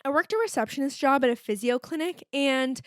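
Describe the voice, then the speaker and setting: A woman's voice: high voice, lively intonation, fairly quick, dry recording, studio quality. A woman in her twenties, a podcast host chatting casually and candidly from home, with plenty of fillers and swearing. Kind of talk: casual solo chat.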